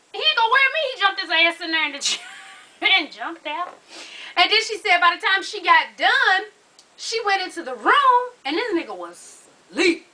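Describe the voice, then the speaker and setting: A woman's voice: very high-pitched, bright, forceful tone, poor audio. A woman giving a casual, sassy recap of a reality show episode. She swears freely and keeps calling her listeners honey.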